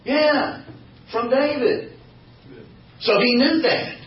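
A man's voice: extremely high pitch, very slow. A man teaching a Bible study, asking the group questions and joking as he goes. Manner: animated, asks the group questions, jokes. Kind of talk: informal sermon to a small group. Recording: roomy distant dull recording.

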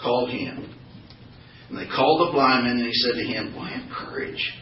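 A man with a medium-pitched voice, speaking at normal speed, teaches a Bible study with animation, questions for the group, and jokes. The informal small-group sermon is recorded in a roomy, distant, dull way, with slight background noise.

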